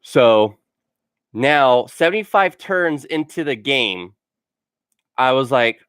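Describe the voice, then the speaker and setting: A man tells his funny stories in a loose, rambling way, with "like" after almost every few words and a laugh at his own jokes. His voice sits at an ordinary middle pitch. It is recorded dry, with no room sound. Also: animated, slow, pauses often, a bit bright, clear, resonant tone, dry recording. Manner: rambling, full of "like" fillers. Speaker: gaming channel host. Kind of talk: casual storytelling vlog.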